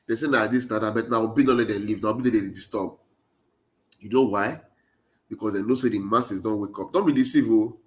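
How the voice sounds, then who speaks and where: A man's voice: fairly low pitch, fairly quick. A man with a Nigerian Pidgin accent giving an impassioned political monologue, urging his listeners with repeated rallying phrases. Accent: Nigerian Pidgin English. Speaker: political commentator.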